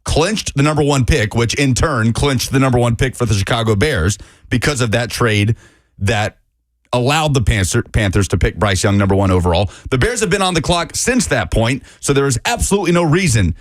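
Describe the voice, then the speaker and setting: A man's voice: medium pitch, expressive, a little fast, no echo. A man hosting sports talk radio in a studio, bantering in a playful, teasing way. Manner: playful, teasing, mock-indignant. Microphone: studio microphone.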